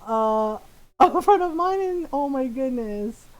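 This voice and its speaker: A woman streamer telling family stories in casual chat, animated and laughing often. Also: high-pitched, takes it slowly.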